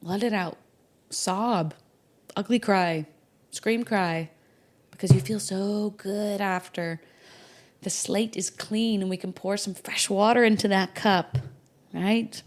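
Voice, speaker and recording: A middle-aged woman hosting an astrology podcast, talking casually and emotionally, with soft whispered asides. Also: mid-range voice, steady tone, slow, long pauses. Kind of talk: casual solo podcast talk.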